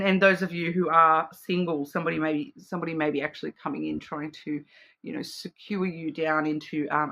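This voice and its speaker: Bright-voiced chatty woman. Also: lowish voice. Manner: chatty and rambling, with frequent fillers, self-restarts and laughs; acts out playful quoted voices. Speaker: card reader. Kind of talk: casual intuitive card reading to camera.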